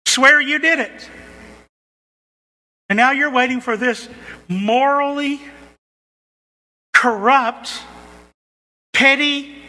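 Emphatic high-voiced male preacher in a hall. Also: bright, forceful tone. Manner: emphatic, repeats phrases for stress. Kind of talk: sermon.

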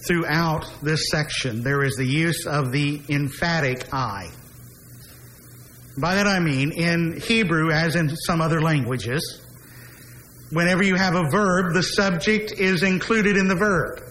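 A man preaching an expository sermon who slows down and stresses key phrases, dropping his voice low on repeated refrains. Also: a bit bright, slight background noise, low-quality recording.

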